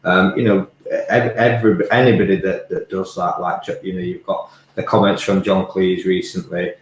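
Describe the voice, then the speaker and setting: An English man on a podcast giving his views slowly, with many ums. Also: low voice, level tone, echoey room, low-quality recording. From England. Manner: measured, um-filled opinions. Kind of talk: casual chat.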